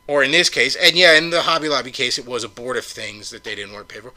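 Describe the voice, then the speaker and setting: A man's voice: mid-range voice, animated, moderate pace, bright, forceful tone. A man hosting a podcast in a heated solo rant, swearing often and firing off sarcastic rhetorical questions. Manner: profane, sarcastic, heated ranting. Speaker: podcast host.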